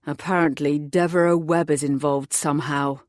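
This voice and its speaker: A woman voicing a calm, protective male vampire who speaks in a measured, dark way. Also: low voice, no room sound, studio quality, voice pushed down, natural voice.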